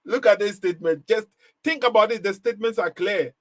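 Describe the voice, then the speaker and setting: Brisk and high-pitched, a man hosts a live commentary stream on a dry recording. Emphatic and repetitive, he keeps firing off rhetorical questions to press his point, with short laughs mixed in.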